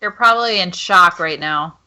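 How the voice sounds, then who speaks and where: Playing a casual tabletop game, this woman chats hesitantly, checks the rules, and fills gaps with lots of ums. Her voice sits on the low side and is bright and forceful, at a moderate pace.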